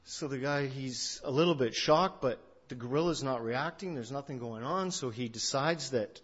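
A male pastor giving a sermon, telling a story in a conversational way that swings between loud and hushed. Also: mid-range voice, moderate pace, husky. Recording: dull lo-fi recording.

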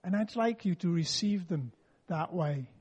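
Male pastor, high and husky, earnest welcome and prayer. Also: expressive, a little slow, a little mellow, lo-fi sound.

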